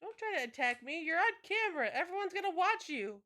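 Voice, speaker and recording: Lively bright-voiced woman streamer. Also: very high-pitched, brisk. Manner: rambling, swears casually, talks to chat. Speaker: game streamer. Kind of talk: casual live-stream chat.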